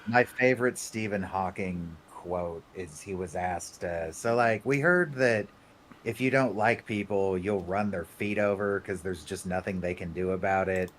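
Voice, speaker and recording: A man chatting on a reaction stream, telling stories with deadpan jokes. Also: low voice, a little slow, a little hiss or hum. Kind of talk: casual banter.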